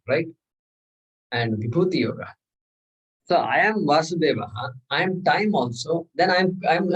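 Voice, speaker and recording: A man's voice: on the high side, breathy edge, far from the mic, rough recording. A man teaching a scripture class, talking through verses with rhetorical questions and chanted Sanskrit. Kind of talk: lecture on scripture.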